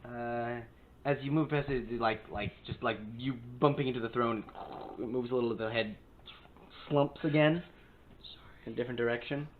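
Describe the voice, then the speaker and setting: A man's voice: medium pitch, normal speed. A man running a tabletop game as game master, narrating scenes with frequent fillers and restarts. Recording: tinny phone-like call with faint hiss.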